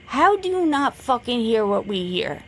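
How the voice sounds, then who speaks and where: A woman's voice: fairly high pitch, very animated, normal speed, a little hiss or hum. A woman vlogger delivering a blunt, profane, confrontational rant, lecturing and repeating her points for emphasis. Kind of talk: direct-to-camera rant.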